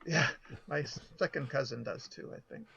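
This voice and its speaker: A man co-hosting a podcast in casual chat, with a gravelly gin-and-cigarettes voice, often jumping in, recorded on a laptop mic. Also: mid-range voice, normal speed, a bit bright, no echo. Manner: chatty, interjects often. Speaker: podcast co-host. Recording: dull lo-fi laptop audio.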